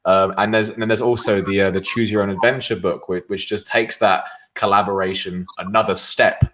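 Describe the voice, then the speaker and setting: A man hosting a casual interview, soft-spoken and hesitant, with many fillers. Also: lowish voice, fairly even intonation, fairly quick. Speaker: host.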